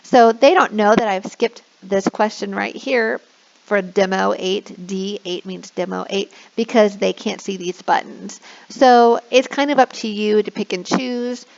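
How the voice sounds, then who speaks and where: A woman explaining classroom screens as an online English teacher, now and then slipping into a slow sing-song to model prompts for kids. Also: mid-range voice, fairly even intonation, gravelly. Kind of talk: instructional screen walkthrough. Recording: dull lo-fi recording.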